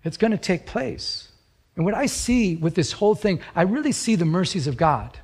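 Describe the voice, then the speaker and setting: A male pastor delivers a sermon in a somewhat high voice. He tells stories in an animated way and circles back on key phrases, doubling words to drive each point home. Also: normal speed, breathy edge. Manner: animated storytelling, repeats phrases for emphasis.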